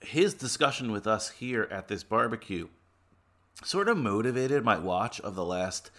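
A man with a fairly low voice co-hosts a podcast in loose, casual chat. He jokes and rambles his way through pretend sponsor pitches. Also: lively intonation, a little slow, sharp tone. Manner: jokey, rambling, riffs on mock sponsor plugs. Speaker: podcast co-host.

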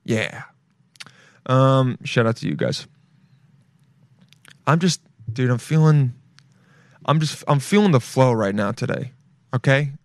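A man's voice: mid-range voice, lively intonation, unhurried, long pauses, no echo. A man hosting a solo podcast, rambling loosely and profanely and calling his listeners dude and bro. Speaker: podcast host.

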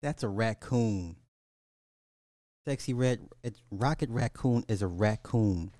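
A man hosting a casual live show, greeting chat viewers by name in an animated, playful way. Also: fairly low pitch, slow pace, dry recording, studio quality. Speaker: host.

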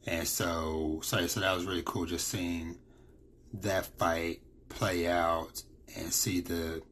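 Deep-voiced rambling man recapping manga. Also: flat delivery, slow pace, fairly bright tone, a little hiss or hum. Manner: rambling, lots of fillers and quoted lines. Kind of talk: casual chapter recap.

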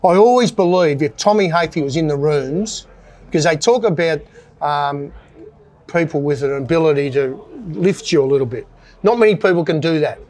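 A man's voice: on the high side, moderate pace, darkish tone. An older Australian man and former cricketer telling self-mocking stories in a casual interview. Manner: anecdotal, self-mocking, laughs at own stories.

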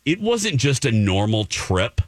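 A man's voice: medium pitch, unhurried, no room sound, clean studio sound. A man hosting a podcast, telling a dramatic story in a casual chat and acting out the quotes. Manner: animated, dramatic, acts out quotes. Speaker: podcast host.

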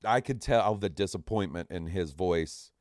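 A man's voice: low voice, moderate pace, dry recording, clean studio sound. A man hosting a casual gaming podcast, joking around and swearing freely. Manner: profane, joking, animated. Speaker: podcast host.

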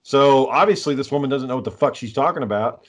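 A man's voice: mid-range voice, fast. A man in casual conversation, talking bluntly and swearing heavily. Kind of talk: casual profane chat.

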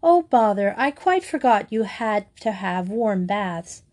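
A woman voicing a lively, excitable schoolgirl who talks quickly. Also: medium pitch. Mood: excited. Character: lively, flustered schoolgirl Grizel.

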